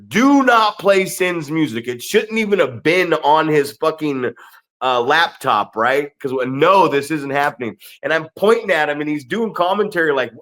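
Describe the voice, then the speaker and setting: A man's voice: a little high, a bit bright. A man co-hosting a podcast, telling a story in a casual, profane, rambling way and often checking in with "right?". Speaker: podcast co-host and pro wrestler.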